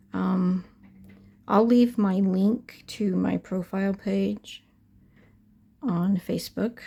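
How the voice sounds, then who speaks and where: Woman, middle-aged, crafting vlog, dark mellow tone, raspy, chatty. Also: mid-range voice, muffled recording. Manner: chatty, often drops to a half-whisper while working. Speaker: reborn doll artist. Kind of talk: casual craft vlog chat.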